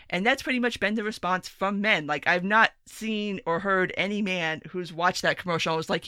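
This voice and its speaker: A woman's voice: medium pitch, brisk, hardly any pauses, sharp tone, dry recording, studio quality. A woman hosting a solo commentary podcast, talking in a blunt, profane, rambling rant. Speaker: podcast host.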